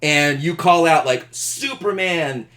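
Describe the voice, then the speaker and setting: A man teaching an astronomy class, animated and jokey, asking questions. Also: fairly high pitch, unhurried. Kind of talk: classroom lecture.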